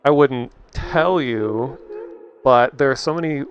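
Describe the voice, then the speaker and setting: A man's voice: mid-range voice, slow pace. A man with a Minnesotan accent, streaming and chatting casually in a thoughtful, rambling way with lots of restarts. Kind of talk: casual chat.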